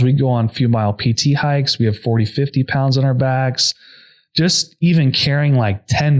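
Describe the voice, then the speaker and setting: A young adult man, a podcast guest, earnestly telling a personal story at a quick clip, full of "like" fillers. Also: mid-range voice. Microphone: podcast microphone.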